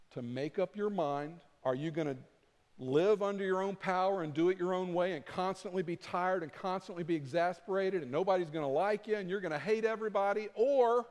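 A man preaching a sermon as pastor, animated and acting out his points with rising intensity. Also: a little high. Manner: animated, acts out flapping with rising volume. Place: church sanctuary. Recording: long reverb of a church hall.

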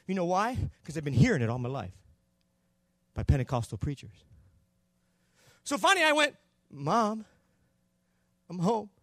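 An older man preaching a Pentecostal sermon, telling a story and acting out the dialogue, going from hushed to shouting. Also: fairly high pitch, wildly swooping pitch, brisk, pauses often, no echo, studio quality. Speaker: pastor.

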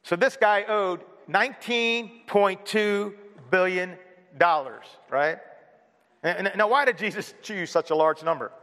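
A man's voice: high-pitched, a little slow, fairly bright tone. A man preaching a sermon as pastor, earnest, with many rhetorical questions. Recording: long hall reverb.

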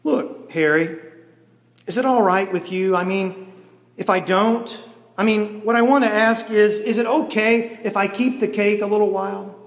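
A man voicing a lonely, wistful woman at a diner counter who speaks softly and hesitantly. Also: high voice, moderate pace. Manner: hesitant, soft-spoken. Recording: echoey hall.

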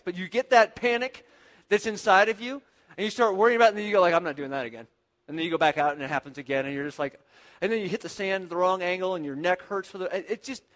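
Man preaching in a big echoing room. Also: high-pitched. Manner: preaching with surges of intensity and quiet reflective passages. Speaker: pastor. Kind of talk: sermon.

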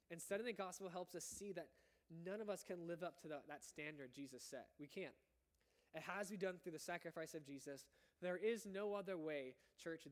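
Young guy pastor, kinda high voice, casual rambly sermon. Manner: casual, chatty and self-correcting.

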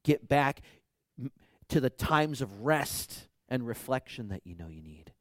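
A man preaching a sermon, swinging from loud emphasis to whispers and building repeated calls to action. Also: medium pitch, expressive, measured pace, no echo, studio quality. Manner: repetitive exhortations. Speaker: pastor.

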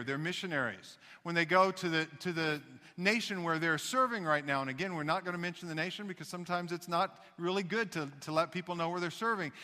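A male pastor delivers an emphatic sermon, breaking into folksy asides. His voice is high and bright. It carries with a long echo through a large hall. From United States.

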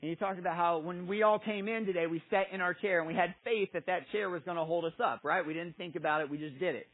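A man with a high, husky voice preaches a casual sermon, reading scripture before retelling it with animated, playful character voices. His delivery is chatty and informal. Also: fast talker, rough recording.

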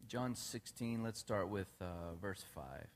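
A man preaching a relaxed, conversational sermon, often checking in with his listeners and laughing at his own jokes. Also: lowish voice, takes it slowly. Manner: casual, asks the congregation questions, laughs at his own jokes.

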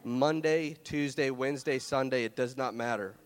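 A man's voice: medium pitch, moderate pace, smooth, soft background music. A young man preaching a sermon in a loose, conversational way, earnest and close to tears as he shares a personal story. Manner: earnest, emotional, fighting tears; loose, conversational, many fillers and restarts. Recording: long hall reverb.

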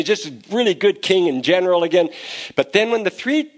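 A man preaching a sermon as pastor, conversational and growing animated as he retells scenes. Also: high-pitched, a little fast.

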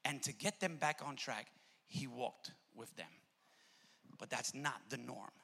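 A man preaching a sermon in a church, swinging between loud shouted peaks and low intimate asides, with a gravelly voice. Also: measured pace. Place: church sanctuary. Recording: long reverb of a church hall.

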